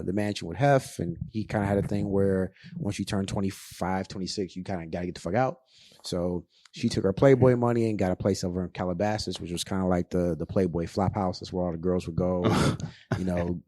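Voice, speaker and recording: A man's voice: sits low, warm tone, dry recording, studio quality. A man in his forties telling stories as a podcast guest in a loose, profane way, full of fillers. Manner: loose and profane, with many fillers and acted-out quotes. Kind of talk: casual storytelling.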